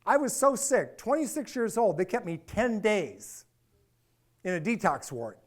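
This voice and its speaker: A middle-aged man giving a personal storytelling talk, animated and acting out the dialogue. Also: high-pitched, measured pace. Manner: animated, acts out dialogue, repeats phrases for effect. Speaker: speaker and author.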